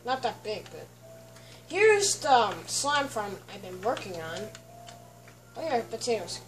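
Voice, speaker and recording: High-voiced woman narrating gameplay from afar. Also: sing-song, measured pace, slight background noise. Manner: chatty, frequently clears throat. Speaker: let's play host. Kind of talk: casual gameplay commentary. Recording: distant mic with faint background music.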